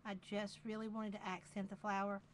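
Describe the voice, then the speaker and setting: Working on a live craft demonstration, this woman with a Southern accent talks in a relaxed, chatty manner, often saying phrases again as she goes. Her voice is mid-range with little pitch movement, and there's a bit of hiss or hum.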